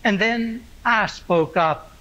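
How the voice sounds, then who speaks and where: A pastor delivering a slow, reflective first-person monologue as the apostle Simon Peter. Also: male voice, high voice, bright, forceful tone, dull audio. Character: Simon Peter, aging fisherman-apostle recalling his past.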